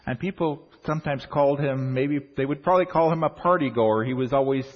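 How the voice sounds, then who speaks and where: A man's voice: mid-range voice, brisk. A middle-aged man preaching a sermon in a church, earnest, working through numbered points with frequent restarts. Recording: dull audio in a long-echo hall.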